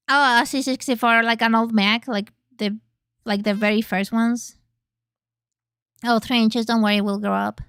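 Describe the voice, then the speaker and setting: A young woman streams games from home, speaking into a close mic in a very dry room. Her voice sits high and sounds bright and clear. She talks loosely with chat, curses casually, and breaks into sudden squeals while she plays. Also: fairly even intonation, unhurried, long pauses, no echo. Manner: chatty and cursing, reading chat aloud, bursts of squeals while playing. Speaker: VTuber streamer.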